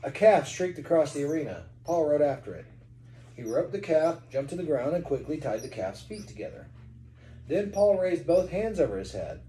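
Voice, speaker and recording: Animated dark-voiced man reading aloud. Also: fairly high pitch, normal speed, reverberant, rough recording. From Kentucky. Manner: animated reading with asides to the child. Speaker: parent reading aloud to a child. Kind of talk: storybook read-aloud.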